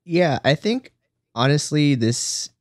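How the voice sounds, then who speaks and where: A man co-hosting a casual podcast chat, reviewing an episode in a thoughtful, halting way with repeated words. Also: fairly high pitch, animated, no echo, clean studio sound. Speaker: podcast co-host.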